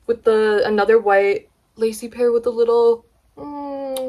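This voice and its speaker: A woman's voice: fairly high pitch, measured pace, warm tone. Gushing young woman showing a haul. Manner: gushing, chatty, swears casually. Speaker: vlogger. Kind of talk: casual haul vlog.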